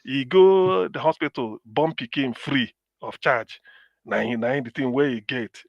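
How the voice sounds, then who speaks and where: A man from Anambra speaking Nigerian Pidgin English in a heated political chat, animated and repeating himself for emphasis. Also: mid-range voice, a little slow, vocal fry, no room sound.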